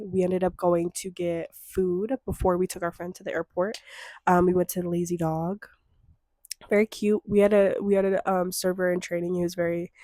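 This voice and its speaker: A young woman in her twenties chatting casually to her viewers, swearing freely and slipping into mock-outraged rants between relaxed stretches. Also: lowish voice, dry recording, studio quality. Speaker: vlogger. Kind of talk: casual chat to camera.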